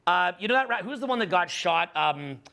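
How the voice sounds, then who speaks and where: A man's voice: high-pitched, expressive, fairly quick, sharp tone. A middle-aged man giving an emphatic seminar talk to a room, with repeated phrases and many fillers. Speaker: dating coach speaking to a live audience.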